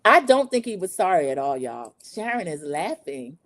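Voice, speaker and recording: A woman hosting a podcast, recapping a TV show in a chatty, animated way and talking straight to her listeners. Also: lowish voice, moderate pace. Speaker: podcast host. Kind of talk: casual TV recap chat.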